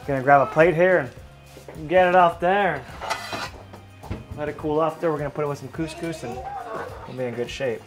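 A man's voice: on the high side, moderate pace, long pauses, soft background music. A man hosting a casual home cooking vlog, chatting easily and explaining each step as he cooks. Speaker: family fishing channel host. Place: home kitchen.

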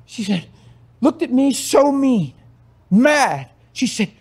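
A man preaching a sermon, telling a story and acting out its conversations, his passion swelling into emphatic shouts. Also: very high voice, big pitch swings, slow, slightly rough.

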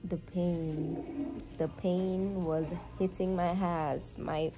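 A woman's voice: lowish voice, little pitch movement, very slow, music in the background. A woman with a Jamaican accent chatting casually to camera as a vlogger, telling a story and slipping into patois. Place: hospital maternity room, in bed.

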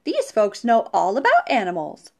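Cheerful literal-minded housekeeper read by a woman, high and bouncy, storybook read-aloud. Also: wildly swooping pitch, normal speed, exaggerated voice.

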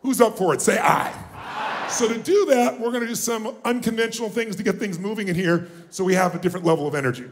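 Man motivational speaker, high-pitched, booming, calls for crowd responses; live room, faint hiss. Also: fast, echoey room. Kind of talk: live motivational seminar talk. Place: large conference room with audience.

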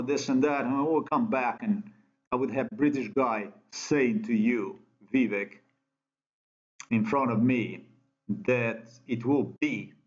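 Ranting Slovenian-accented man, lo-fi. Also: mid-range voice. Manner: ranting, profane, repetitive non-native phrasing. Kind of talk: angry monologue. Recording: dull lo-fi sound.

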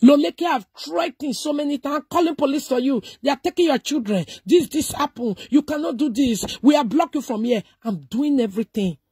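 Speaking quickly with few pauses, a middle-aged Nigerian-accented woman delivers casual, emphatic and preachy social media commentary in a mix of Pidgin and English. Her voice sits high and sounds a little mellow, captured in a dry, studio-quality recording.

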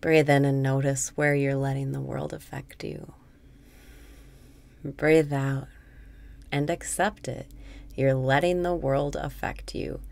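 A woman with a very deep voice guides a meditation at a slow, unhurried pace. Her tone is soothing, and a gravelly, creaky texture runs through her words. Now and then she sinks into a soft whisper. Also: flat delivery.

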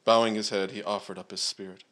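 A man with a somewhat low voice leads a church service. He prays and then reads a long scripture passage aloud at a measured pace. His delivery is dotted with "uh" and "um" fillers. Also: flat delivery, a bit bright. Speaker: preacher. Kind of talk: prayer and scripture reading.

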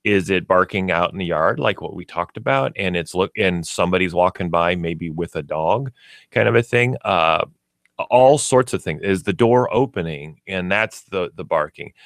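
Low-voiced man explaining pet training. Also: expressive, moderate pace, gravelly, a bit bright, dry recording, studio quality. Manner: explanatory, uses everyday examples and acts out pets. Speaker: pet store expert guest. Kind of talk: radio talk show. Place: radio studio.

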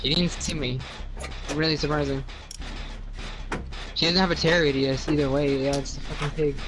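A man's voice: on the high side, fairly even intonation, normal speed. A man playing along as co-player, making short, laid-back remarks in casual chat.

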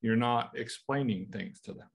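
American man, husky voice, Bible study teacher, conversational, rhetorical questions. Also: mid-range voice, moderate pace. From United States.

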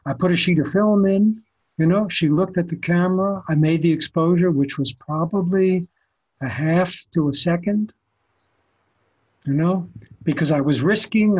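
An older photographer tells anecdotes in a relaxed interview. His voice is husky and sits slightly high. He talks animatedly and often restarts his phrases. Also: highs cut off. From the Bronx, New York. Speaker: photographer guest. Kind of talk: conversational storytelling interview.

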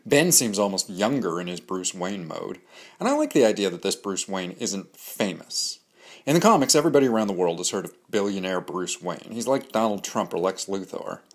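A man's voice: deep voice, animated, moderate pace. A man hosting a comics analysis show, giving candid, opinionated reviews in a scripted monologue with dry jokes. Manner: candid, opinionated, dryly joking.

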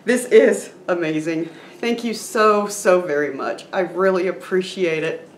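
Gushing, excitable woman vlogger. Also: on the low side, unhurried, reverberant, slight background noise. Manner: excited and gushing, laughing often. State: teary. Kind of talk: casual vlog chat. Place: room at home with a noisy chair.

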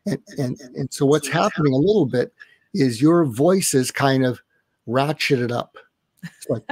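Gravelly older man explaining calmly. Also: medium pitch, a little slow, no echo. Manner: role-plays inner dialogue to illustrate. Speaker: psychiatrist guest. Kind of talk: conversational interview. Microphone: online live stream.

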